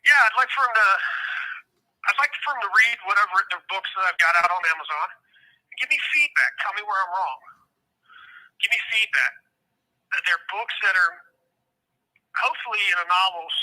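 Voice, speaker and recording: A middle-aged man from Ohio, speaking as an inmate guest on a phone interview. His voice sits high for a man and sounds very sharp and tense. He rambles in a heated way and swears often. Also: low-quality recording.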